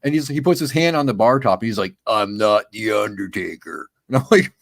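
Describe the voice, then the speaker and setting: A man, a guest on a casual livestream chat, telling excitable stories and calling people dude. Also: mid-range voice, fast, no echo, clean studio sound. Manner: excitable storyteller, says dude a lot.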